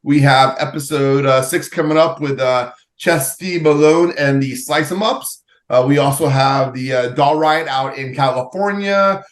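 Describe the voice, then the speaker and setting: A man's voice: mid-range voice, a little slow, roomy sound. A man hosting a podcast, telling joking stories and swearing freely in casual chat. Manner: profane, joking storyteller. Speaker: podcast host.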